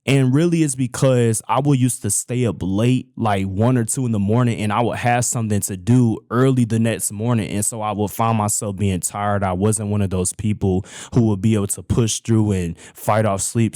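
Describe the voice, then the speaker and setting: A young man hosts his own show and tells personal stories in a loose, chatty way, often calling his listeners "y'all". His voice sits low and the recording is dry and close. He talks like he's sitting across from a friend. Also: fairly even intonation, normal speed, hardly any pauses, warm tone, dry recording. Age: young adult. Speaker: host. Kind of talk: casual personal storytelling.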